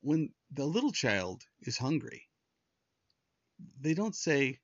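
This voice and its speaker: A man's voice: medium pitch, sing-song, takes it slowly, long pauses, no room sound, lo-fi sound. A man preaching a sermon in an earnest, conversational way, often restarting his sentences. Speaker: pastor.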